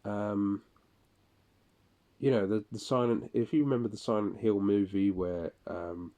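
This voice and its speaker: A man's voice: on the low side, fairly even intonation, unhurried, dark tone, muffled recording. A man speaking a casual monologue for his audio log, rambling, profane and weary.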